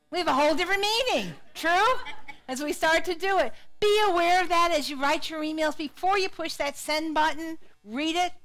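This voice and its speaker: Lively woman psychologist giving a talk. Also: sits high. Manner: lively, interactive, asks the audience questions. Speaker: psychologist and speaker. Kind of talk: live keynote talk to an audience.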